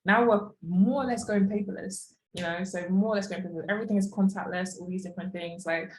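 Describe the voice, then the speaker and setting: A woman's voice: mid-range voice, steady tone, quick pace, reverberant, slight background noise, low-quality recording. A young woman in her twenties teaching an online course lesson in a chatty, casual way, with lots of fillers and asides. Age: young adult.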